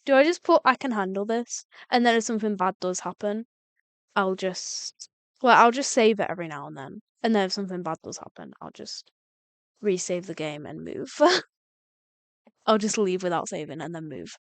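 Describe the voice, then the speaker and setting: A woman's voice: medium pitch, lively intonation, moderate pace, no echo. A young woman streaming a game live, chatty and exasperated, swearing at the game. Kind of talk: live gameplay commentary.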